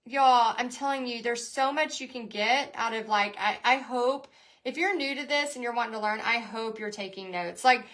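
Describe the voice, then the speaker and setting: A woman's voice: on the high side, moderate pace, a bit bright. A woman hosting a live painting lesson and business coaching session, chatting in a bubbly, gushing way.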